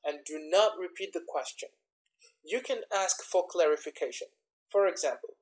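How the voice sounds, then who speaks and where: A man teaching an English exam lesson, explaining step by step and repeating example words with clear stress. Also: on the high side, animated, normal speed, darkish tone, poor audio. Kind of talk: instructional lesson.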